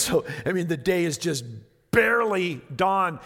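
A man's voice: sits high, expressive, moderate pace, hardly any pauses, a bit bright. A male pastor preaching a sermon, reading scripture with dramatic emphasis and then talking it over conversationally. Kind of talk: expository sermon. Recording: long hall reverb.

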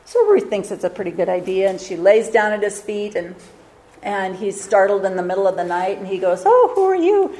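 A woman's voice: medium pitch, fairly even intonation, a little fast, warm tone, low-quality recording. A woman giving a sermon, retelling a Bible story in a casual, conversational way with occasional fillers and reading scripture aloud. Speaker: Bible teacher.

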